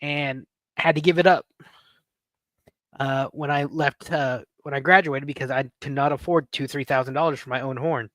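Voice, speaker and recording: A man in his late thirties hosts a casual livestream, rambling through stories and joking playfully with his chat. His medium-pitched voice is fairly bright with fairly even intonation, delivered at a normal speed on a dry recording.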